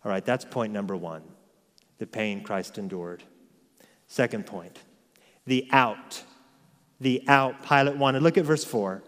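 A man's voice: fairly low pitch, a little slow, pauses often, a bit bright, in a large hall. A man preaching an expository sermon, emphatic and full of rhetorical questions. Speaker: pastor.

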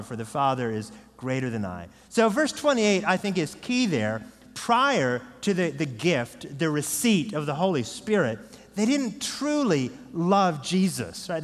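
In a big, echoing hall, a pastor preaches with lively energy, keeping it conversational and dropping "right?" again and again. His voice is male and slightly high-pitched, and the long reverb lingers around every phrase.

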